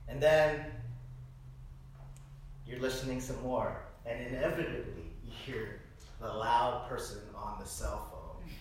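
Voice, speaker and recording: A man preaching a sermon, telling stories in an animated way and often tossing out a rhetorical "right?". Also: medium pitch, a little slow, slight background noise. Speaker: pastor. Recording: echoey hall, distant mic.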